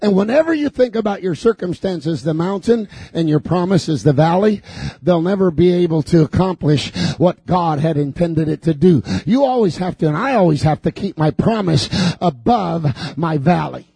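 A man preaching a fervent sermon in a church, building repeated declarations up to shouts. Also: a little high, lively intonation, moderate pace, creaky, slightly rough, no room sound. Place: church sanctuary.

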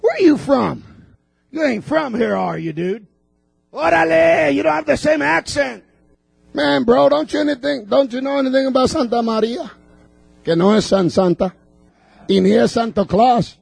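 A man putting on a brash young local man who mixes Spanish slang into his loud, teasing disbelief. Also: extremely high pitch, lively intonation, normal speed, vocal fry, husky, dry recording, faint music behind, pitched above the performer's own voice, heavily acted. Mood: incredulous.

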